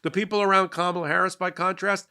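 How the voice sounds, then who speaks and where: A man's voice: sits high, little pitch movement, quick pace, pushed and bright, clear, resonant tone. A man hosting a legal and political commentary show, talking in a sarcastic monologue and often repeating words as he starts sentences.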